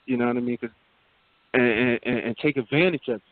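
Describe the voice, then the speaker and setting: A man's voice: mid-range voice, fast talker, no room sound. A man co-hosting a radio talk show, laid-back and repetitive, often checking in with his listeners. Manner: laid-back, repeats himself, says "you feel me" often. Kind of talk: casual frank chat. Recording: dry phone-like sound.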